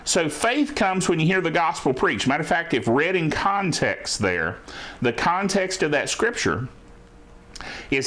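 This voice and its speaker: A male pastor with a fairly high voice delivers a teaching sermon. He reads scripture slowly and stresses each phrase, then checks in with the listeners with "Amen?" and "All right?". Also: sing-song, a bit bright.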